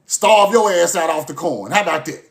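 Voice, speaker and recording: Speaking right to camera, a man gives an impassioned, profanity-laced monologue in a high, creaky, expressive voice at a moderate pace. He repeats the same phrases again and again, swinging between forceful, loud bursts and low mutters.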